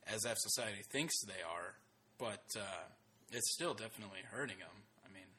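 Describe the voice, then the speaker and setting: Bright-voiced laid-back man on a podcast. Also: on the low side, moderate pace, a little hiss or hum. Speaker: podcast co-host. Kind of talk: casual TV discussion.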